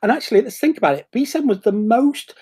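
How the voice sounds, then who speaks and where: A man in casual chat, excitable and rambling, with many restarts and bursts of acted-out quotes. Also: extremely high pitch, fast.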